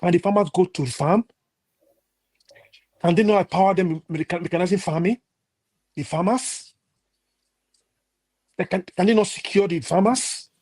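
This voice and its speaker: A man's voice: sits high, normal speed, long pauses, a little mellow, husky. A Nigerian man ranting indignantly as a panelist in a heated discussion, repeating himself.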